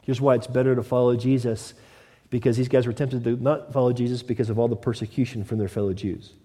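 A man's voice: mid-range voice, fairly even intonation, quick pace, mellow, in a large hall. A male pastor preaching a conversational sermon, slipping into mock voices of his listeners.

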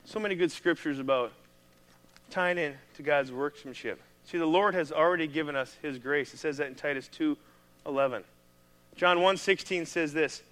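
A man with a Midwestern American accent, a pastor preaching a sermon in a conversational, animated way. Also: a little high, normal speed.

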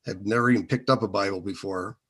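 A man telling a personal story in a hesitant, meandering way, with many pauses and fillers. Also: on the low side, fairly even intonation, a bit bright, slightly rough.

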